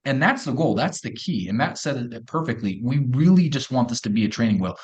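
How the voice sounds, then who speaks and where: A middle-aged man talking about his product in a podcast interview, energetic and folksy. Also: brisk, highs cut off. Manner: energetic pitch, folksy phrasing. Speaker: company co-founder guest.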